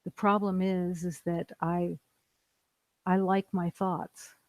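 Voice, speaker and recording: Slow, gravelly spiritual teacher. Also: mid-range voice, no echo, rough recording. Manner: calm, repetitive, declarative phrasing. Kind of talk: slow meditative spiritual talk.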